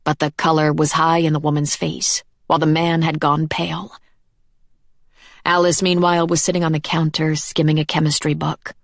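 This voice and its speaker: A woman narrating a dark fantasy audiobook in a measured, even storytelling manner. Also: sits low, gravelly, no room sound, studio quality. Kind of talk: scripted narration.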